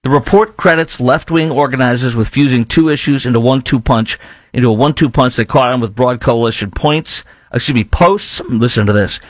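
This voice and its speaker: A man's voice: medium pitch, a little fast, no room sound. A man hosting a political talk radio show, speaking emphatically, repeating himself and firing rhetorical questions.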